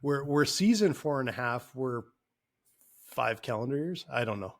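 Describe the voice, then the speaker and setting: A man's voice: medium pitch, lively intonation, moderate pace. Easygoing, rambling male podcast co-host. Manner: easygoing, rambling, repeats words. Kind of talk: casual podcast chat.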